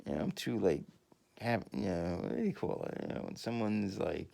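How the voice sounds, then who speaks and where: A man in a rambling, profane monologue who laughs often and swings from mumbling to shouting. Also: low-pitched, lively intonation, normal speed, gravelly. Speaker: video host.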